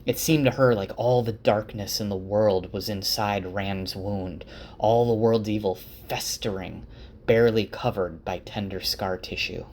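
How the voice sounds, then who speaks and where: A man's voice: on the low side, fairly even intonation, a little slow, a little mellow, a little hiss or hum. A man giving a casual spoken summary of a fantasy novel, conversational, with restarts and fillers. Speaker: storyteller.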